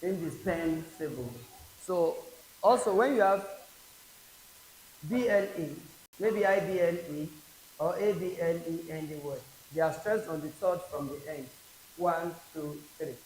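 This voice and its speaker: A Nigerian man tutoring an English exam class, his voice sitting a touch high and moving at a slow, deliberate crawl. He says each word twice or more so students can copy it. The sound bounces around an echoey room, with a faint hiss underneath. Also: darkish tone. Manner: slow, repeats each word aloud for drilling. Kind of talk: exam prep class lecture.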